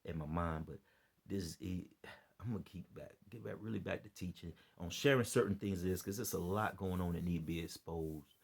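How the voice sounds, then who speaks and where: Tired male vlogger, preachy and repetitive, rough husky low voice. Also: a little fast. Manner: repeats himself, loose and earnest. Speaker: vlogger giving religious commentary. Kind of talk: rambling preachy monologue to camera.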